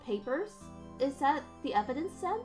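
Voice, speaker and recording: A woman's voice: high-pitched, big pitch swings, moderate pace. A woman voicing a bubbly teenage girl who teases her older sister in a perky way. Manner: perky, teasing. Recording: game music behind.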